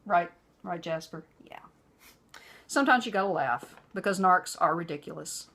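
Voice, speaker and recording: A chatty woman vlogger telling a story straight to the camera. Her voice is very animated, with her pitch rising and falling widely. She talks in a loose, conversational way and fills the gaps with "you know.". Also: normal speed.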